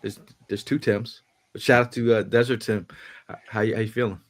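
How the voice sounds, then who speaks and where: Upbeat low-voiced man hosting a podcast. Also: flat delivery, a little fast. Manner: upbeat, hype-building, repeats words. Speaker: podcast host. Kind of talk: casual sports podcast chat.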